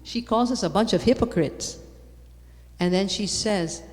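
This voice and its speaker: A woman giving a lively conference talk on faith, repeating words for emphasis and rising to loud exclamations. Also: mid-range voice, measured pace. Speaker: conference speaker. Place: large conference hall. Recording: long hall reverb.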